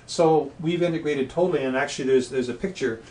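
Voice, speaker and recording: Male talk-show guest, anecdotal storyteller, mid-pitched, heard from a distant mic. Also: fast talker, darkish tone. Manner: anecdotal storyteller who acts out quoted voices. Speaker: guest, past life regression practitioner. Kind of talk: casual interview chat. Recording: echoey room, distant mic, faint noise.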